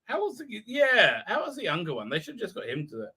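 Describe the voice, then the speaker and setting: A man with a very bright, ringing voice hosts a live stream and talks through a show, rambling with plenty of filler and mockery. His pitch sits a little high for a man, and he keeps breaking into goofy put-on voices. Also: wildly swooping pitch, quick pace, breathy edge. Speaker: show host.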